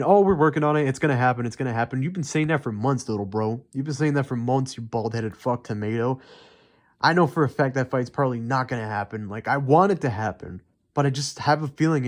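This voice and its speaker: A young man ranting heatedly and profanely in unscripted commentary, rambling with many fillers. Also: mid-range voice. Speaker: MMA commentary YouTuber.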